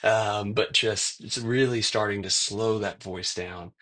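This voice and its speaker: A man's voice: fairly low pitch, fairly even intonation, measured pace, a bit bright. A man in his forties, a conflict expert, talking casually in an interview and chuckling now and then. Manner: gravelly, husky voice, chuckles as he talks. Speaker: conflict resolution expert guest.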